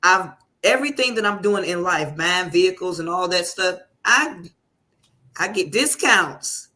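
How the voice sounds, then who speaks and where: A woman's voice: on the low side, animated, measured pace, sharp tone. A woman giving a fervent, effusive testimony as a guest on a call, praising God. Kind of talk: emotional testimonial on a live call.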